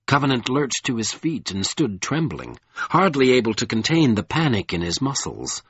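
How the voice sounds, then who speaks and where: Man, audiobook narration, lively pitch, husky voice, dry room, lo-fi. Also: normal speed, hardly any pauses, no echo.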